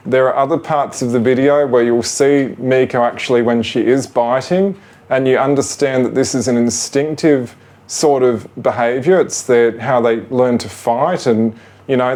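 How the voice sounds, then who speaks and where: A man, gently showing how he trains his ferrets, talking patiently and rambling with fillers. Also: medium pitch. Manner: gentle, patient, coaxing to the animals; rambling with fillers like "you know" and "sort of". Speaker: ferret owner demonstrating training. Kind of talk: casual how-to demonstration.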